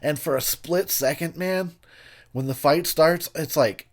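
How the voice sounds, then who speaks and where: A man's voice: fairly high pitch, a little slow. A man giving casual movie commentary while intoxicated, rambling and profane, laughing often and losing track of names mid-sentence. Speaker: film commentator.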